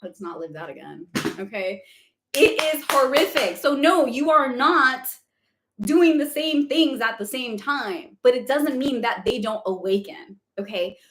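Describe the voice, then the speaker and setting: A woman's voice: high voice, unhurried, a bit bright, reverberant, slight background noise. A woman spiritual coach answering questions on a live stream, chatty and emphatic, often checking in with "okay?" and speaking bluntly. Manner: candid and blunt, with casual swearing.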